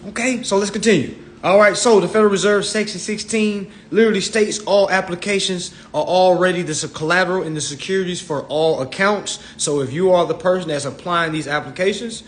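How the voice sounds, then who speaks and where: A man's voice: high voice, a little fast, hardly any pauses, a little hiss or hum. A man lecturing on a livestream in a streetwise, profane manner, laughing at his own jokes and slipping into mock voices. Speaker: financial self-help lecturer. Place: livestream at home.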